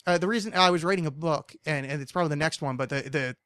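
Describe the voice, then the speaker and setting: A man's voice: on the high side, fast talker, fairly bright tone, smooth, no room sound, clean studio sound. A man in his thirties hosting a podcast, telling a long rambling story full of swearing. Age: 30s. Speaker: podcast host. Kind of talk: casual chat.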